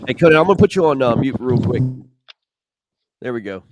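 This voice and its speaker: A man's voice: medium pitch, lively intonation, brisk, a crowd in the background. A man doing casual live commentary on a tournament stream, a laid-back storyteller who keeps saying "man" and "like".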